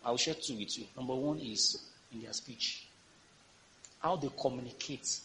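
A man's voice: mid-range voice, normal speed, slight background noise. A male pastor preaching a sermon in a church, reading scripture and calling on the congregation to respond. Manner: lively preaching with call-and-response.

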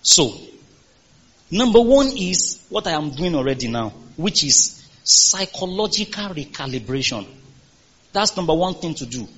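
A male pastor preaches with an emphatic, rising-and-falling delivery, pressing his listeners for answers. His voice sits high and carries a husky grain. The recording is dull and lo-fi. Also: big pitch swings, normal speed. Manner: emphatic, call-and-response with congregation. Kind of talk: sermon.

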